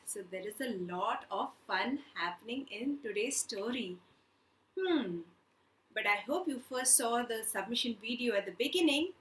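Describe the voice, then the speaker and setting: A woman telling a children's story and leading a craft class, in an animated, playful way, putting on animal sounds. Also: on the high side, a little hiss or hum. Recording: echoey room.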